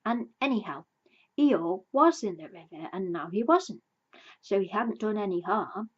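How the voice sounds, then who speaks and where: A woman reads a children's story aloud in a gentle, soft-spoken way, her mid-pitched voice carrying a slightly husky grain. The recording sounds dull and lo-fi, like a simple home setup. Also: animated, measured pace. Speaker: reader. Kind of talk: storybook read-aloud narration.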